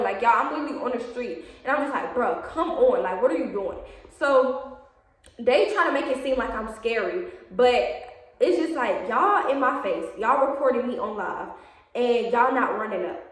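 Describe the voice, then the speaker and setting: A young woman, telling a story to her viewers in a casual, animated way. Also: high voice, normal speed. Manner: animated, chatty, addresses viewers as y'all, acts out quotes. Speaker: vlogger. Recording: very echoey room, voice far from the mic.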